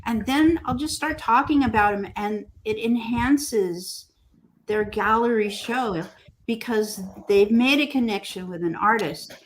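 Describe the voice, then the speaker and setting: A woman mosaic artist being interviewed, telling stories gently and acting out what people say. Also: on the high side. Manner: slow, gentle storytelling with lively quoted voices. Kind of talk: casual interview conversation.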